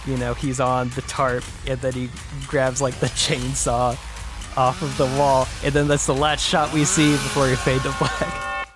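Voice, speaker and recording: Guy on a podcast telling a story, jumps into high silly voices and whispers for the characters, music in the background. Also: level tone, measured pace. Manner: acts out characters with big pitch jumps and whispers. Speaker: podcast co-host. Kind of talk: casual storytelling, pitching a short film idea.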